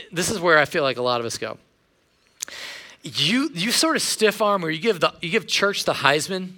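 A man's voice: sits high, gravelly, pushed and bright. A male pastor giving a sermon in a casual storytelling way, with self-deprecating humor.

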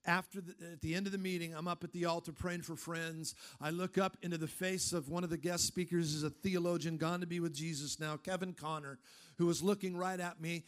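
A man preaching a sermon, firing off emphatic rhetorical questions and then dropping into a low, casual storytelling tone. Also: steady tone, fairly quick. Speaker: pastor.

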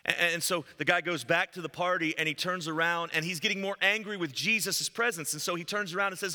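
A man preaching a sermon as pastor, telling a story and moving between loud emphasis and hushed, low lines. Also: fairly even intonation, brisk, few pauses. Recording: long hall reverb.

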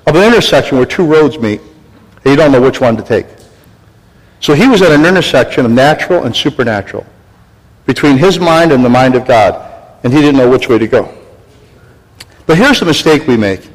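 An older man preaching a sermon as pastor, exhorting the congregation and calling for responses, with a recurring cough. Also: medium pitch. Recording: echoey church hall.

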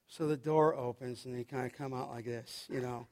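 A man's voice: medium pitch, steady tone, fairly quick, a little mellow. A man preaching a sermon as pastor to his church, telling stories, acting out the dialogue and putting questions to the congregation. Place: church sanctuary.

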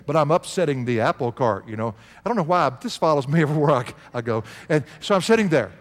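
A man's voice: on the high side, quick pace. An older man preaching a sermon as a pastor, telling stories and repeating key words for emphasis. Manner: storytelling preacher, animated and repetitive for emphasis. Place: church sanctuary. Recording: long reverb of a church hall.

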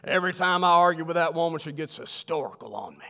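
A man voicing a wry older man who calmly complains about his wife. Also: fairly high pitch, fast talker, creaky, long reverb tail, exaggerated voice. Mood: dry.

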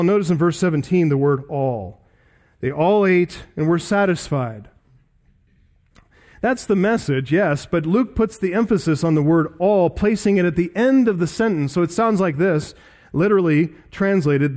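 A male pastor delivers an expository sermon, reading scripture verses aloud and explaining them. His voice sits a little high for a man. He leans on key words with earnest emphasis. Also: a little mellow.

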